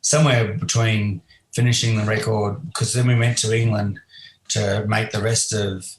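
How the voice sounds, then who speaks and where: A man with a lowish voice recalls stories from his career in a relaxed interview. He meanders and restarts often. His sound bounces around a noticeably reverberant room. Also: moderate pace. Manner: rambling, many restarts and "you know". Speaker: guest musician. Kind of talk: casual interview storytelling. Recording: roomy echo.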